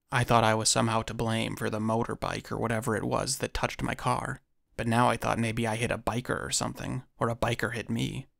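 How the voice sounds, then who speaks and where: Man, story narrator, even delivery, gravelly tone, dry asides, close dry sound. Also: mid-range voice, no room sound. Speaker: narrator reading a listener's encounter story. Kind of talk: scripted first-person narration.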